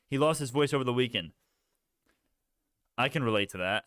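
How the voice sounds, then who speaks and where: A man's voice: medium pitch, fast talker, long pauses, fairly bright tone, clean tone, no room sound, clean studio sound. Rambling young man live-streaming stocks. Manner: rambling, talks to chat, restarts often. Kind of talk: casual livestream chat.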